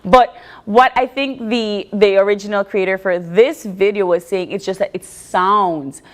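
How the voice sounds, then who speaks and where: A woman's voice: medium pitch, steady tone, a little slow. A woman with a Belizean accent co-hosting a TV chat show, chatty and laughing often. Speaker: TV show co-host. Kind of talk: casual chat.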